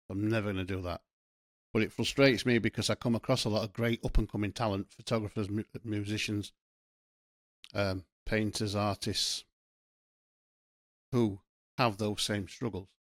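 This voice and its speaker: A man's voice: lowish voice, dry recording, studio quality. Blunt, sweary Yorkshire man. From Yorkshire, England. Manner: blunt, sweary, passionate ranting. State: sweating, hot. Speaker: podcast host. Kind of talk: solo podcast monologue.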